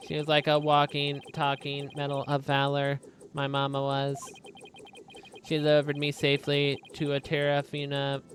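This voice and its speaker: A man's voice: a little high, normal speed, slight background noise, close to an everyday voice. A man doing a grieving drone soldier. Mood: mournful. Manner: flat, robotic delivery. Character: grieving male soldier talking through a drone.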